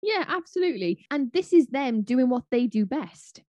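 A woman's voice: high-pitched, sing-song, moderate pace, a little mellow, no room sound, muffled recording. A woman co-hosting a casual chat show, gushing and chatty with fillers and laughs. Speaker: co-host.

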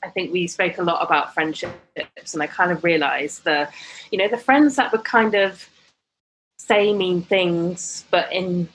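A woman in her thirties with a fairly low voice tells her story as a podcast guest. She talks in a chatty, candid way, full of "like" and "kind of" as she goes. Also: unhurried, a bit bright, a little hiss or hum, rough recording. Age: 30s. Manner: chatty, lots of "like" and "kind of", acts out quoted voices. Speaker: blogger and guest.

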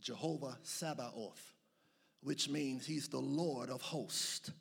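A man's voice: mid-range voice, slow, gravelly, breathy edge. A man preaching a sermon, moving between playful asides and rising, chanted calls to his congregation. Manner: building to shouted, chanted call-and-response preaching.

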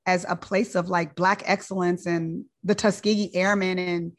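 Low-voiced woman telling a personal story. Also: level tone, normal speed. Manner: conversational, repeats words, fillers.

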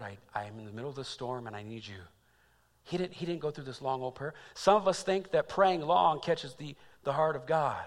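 A man preaching a sermon as pastor, dropping to quiet reflection and rising to loud, repeated calls. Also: mid-range voice, big-room sound. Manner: swings from hushed to loud and emphatic; repeats phrases for emphasis.

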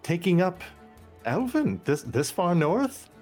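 Elf guy, a man doing the voice, high pitched, swoops up and down a lot, super slow and flattering. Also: soft background music, heavily acted. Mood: amused.

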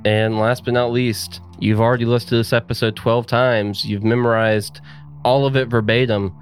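A man's voice: mid-range voice, little pitch movement, normal speed, soft background music. A man, co-hosting a podcast and jokingly running through the show's links and plugs. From US South. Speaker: podcast co-host. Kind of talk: casual podcast outro chat.

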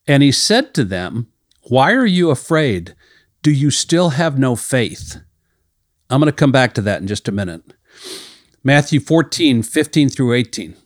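A man's voice: medium pitch, dry recording, studio quality. A man hosting a ministry podcast, reading Bible passages aloud and then explaining them in a conversational teaching manner.

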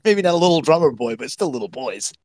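Teasing man with a lively voice. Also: on the high side, fast, no room sound, clean studio sound. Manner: teasing, hesitant, with many fillers. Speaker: podcast co-host. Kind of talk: casual chat.

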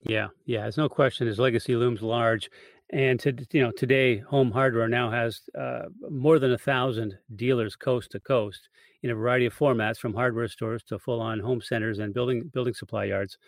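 A man's voice: mid-range voice, steady tone, normal speed, no room sound. A man hosting a podcast interview, asking questions and agreeing with his guest in an easygoing way. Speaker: podcast host.

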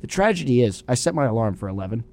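A man's voice: mid-range voice, sing-song, very fast, a little mellow. A young man co-hosting a college radio sports show, joking around and breaking into bits of song. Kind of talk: casual sports talk.

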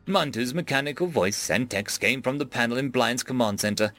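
A man narrating an audiobook in a steady, plain storytelling manner. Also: mid-range voice, a little fast, hardly any pauses, no echo, soft background music.

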